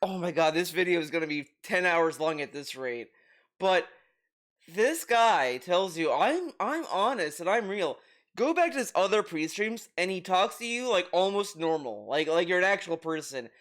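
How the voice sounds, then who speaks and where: Male reaction commentator, high voice, exasperated swearing rant. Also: expressive, moderate pace, a bit bright. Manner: exasperated, ranting with frequent restarts and swearing. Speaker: commentary youtuber.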